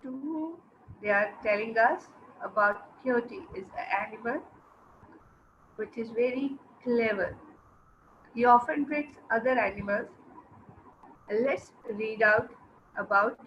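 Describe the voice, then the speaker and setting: A woman teacher giving an online English lesson to young children. She explains slowly, repeats words and asks the class questions. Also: fairly high pitch. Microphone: video lesson mic. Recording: dull lo-fi with faint noise.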